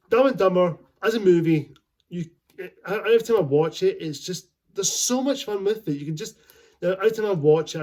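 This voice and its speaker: A man's voice: fairly high pitch, a little mellow. A man giving a casual movie review, rambling and enthusiastic and laughing often as he talks.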